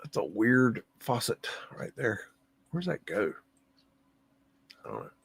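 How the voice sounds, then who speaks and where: Man, livestream host, casual musing commentary, gravelly voice, mid pitch. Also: wildly swooping pitch, takes it slowly, fairly bright tone. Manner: musing, humming to himself, easily amazed.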